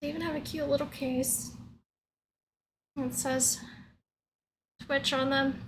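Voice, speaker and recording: A woman's voice: high voice, little pitch movement, slow pace, noisy background. A woman livestreamer chatting casually with her viewers in a playful, giggly way, laughing often.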